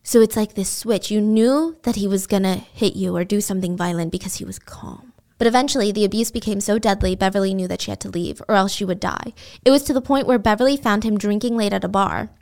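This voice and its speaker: A woman hosting a podcast, telling a true-crime story in casual, animated storytelling and acting out the people in it. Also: medium pitch, fast talker, few pauses. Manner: animated, expressive, acts out quotes. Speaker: podcast host.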